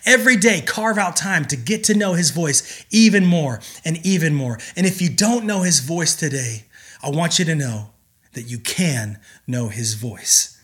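Male pastor, slightly high, bright voice; earnest emphatic sermon delivery with pauses. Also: expressive.

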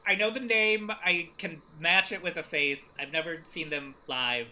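A man as a guest in casual podcast chat, giving opinions in quick animated bursts. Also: on the high side.

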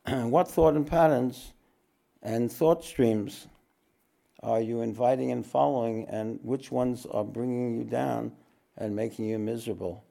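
A man teaching a spiritual talk to an audience, unhurried, repeating his phrases and often clearing his throat. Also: mid-range voice, fairly even intonation, warm tone.

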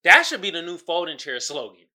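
A man from the United States rants solo on his podcast in a lively, swooping voice that sits a little high. His tone is bright and forceful, and he mixes mockery and profanity with laughter at his own jokes. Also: fairly quick. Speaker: podcast host.

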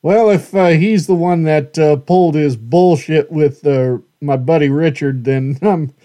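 A man reacting in slow, amused, halting remarks, heard from off mic. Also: a little high, mellow.

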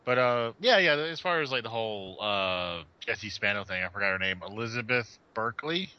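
Man, podcast host, lively pitch, bright tense tone, casual swearing, dull lo-fi call audio. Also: moderate pace, clear, resonant tone. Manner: animated, laughs often, swears freely. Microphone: home mic over a voice call.

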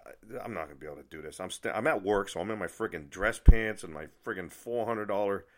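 A man's voice: fairly low pitch, fast. A man telling a story in a casual, rambling rant, exasperated, with frequent restarts and mild swearing. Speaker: vlogger.

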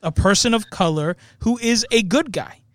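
A man with a notably high speaking voice talks through a film review in loose, rambling chat. He keeps checking in with "right?" as he goes. The sound is dry and close, with no room around it. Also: normal speed, a bit bright, dry recording. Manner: rambling, tags points with "right?". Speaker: podcast co-host. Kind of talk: casual movie review chat.

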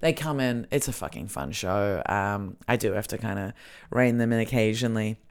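A woman's voice: extremely low pitch, moderate pace. A woman hosting a podcast, telling casual stories in a rambling way with lots of fillers and swearing. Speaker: podcast host. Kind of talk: casual chat, storytelling.

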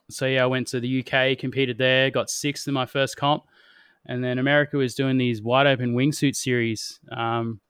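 A young Australian man, a professional wingsuit pilot, telling stories in a relaxed, slangy way and laughing often. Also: medium pitch, clear, resonant tone, dry recording, clean studio sound. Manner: laid-back storytelling, slangy, laughs often. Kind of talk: casual chat.

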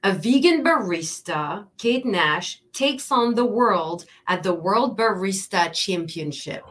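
A woman's voice: medium pitch, expressive, takes it slowly, fairly bright tone. A woman co-hosting a casual livestream who speaks English as a second language, chatty and teasing. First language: not English. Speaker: co-host.

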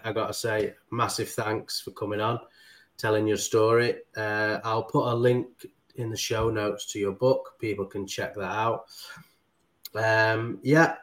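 A man hosting a podcast, chatting casually and warmly thanking his guest. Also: mid-range voice. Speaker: podcast host. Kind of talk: casual interview chat.

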